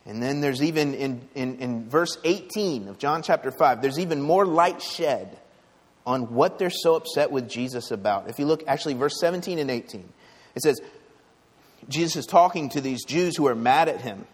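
A man's voice: medium pitch, lively intonation, normal speed. Emphatic man preaching in an echoing church. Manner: conversational, emphatic preaching with rhetorical questions. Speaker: pastor. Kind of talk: sermon. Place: church sanctuary.

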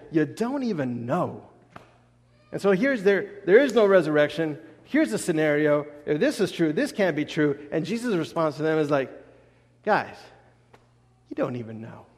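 Animated preacher man in a reverberant hall. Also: a little high. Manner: animated storytelling, acts out quotes. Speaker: pastor. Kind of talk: sermon.

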